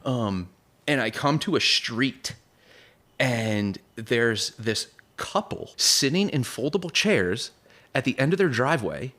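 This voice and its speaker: A man's voice: medium pitch, expressive, slow pace, fairly bright tone. Young man, casual storyteller, loose slangy rambling, voices the people in his tale. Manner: rambling, full of "like", "dude" and "bro", acts out voices in the story. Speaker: podcast guest.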